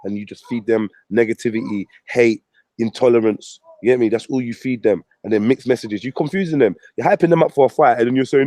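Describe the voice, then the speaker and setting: A man's voice: medium pitch, fast talker, warm tone, no echo. A man ranting on his channel, mocking and swearing at a rival. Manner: profane, mocking, combative. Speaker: vlogger. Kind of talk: ranting commentary.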